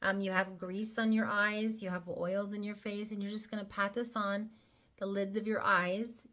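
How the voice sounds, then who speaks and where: A woman's voice: medium pitch, little pitch movement, normal speed, fairly bright tone. A woman presenting a casual makeup tutorial, talking the viewer through each step with chatty, playful asides. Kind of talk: casual how-to demonstration.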